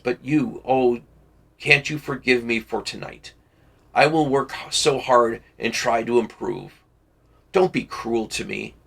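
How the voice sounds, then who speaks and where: A man reading the part of a heartbroken young actress, pleading in a soft, hushed voice. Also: mid-range voice, vocal fry. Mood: desperate.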